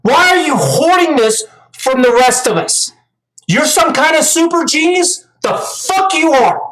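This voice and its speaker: Woman, high voice, angry profane rant, scolding reaction commentary. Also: lively intonation, measured pace, a bit bright, low-quality recording.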